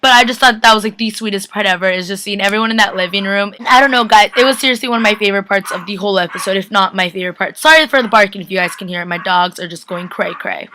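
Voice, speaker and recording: A young woman gushing about a TV episode in a casual webcam vlog, chatty and excitable, full of "like" and "guys". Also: medium pitch, rapid-fire, hardly any pauses, slight background noise. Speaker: TV recap vlogger. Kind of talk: casual chat.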